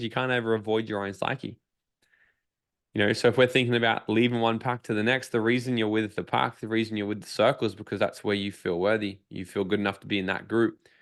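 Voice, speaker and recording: A man telling a personal story as a podcast guest, swearing freely, acting out his own inner dialogue and turning it into motivational advice. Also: mid-range voice. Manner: profane, emphatic motivational storytelling. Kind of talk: casual storytelling interview.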